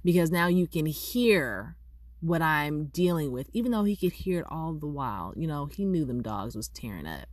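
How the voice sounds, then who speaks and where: A woman vlogger telling a personal story in a casual way, acting out both sides of the conversation with lively delivery. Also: low-pitched, moderate pace, dry recording, studio quality. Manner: animated, acts out both sides of a dialogue.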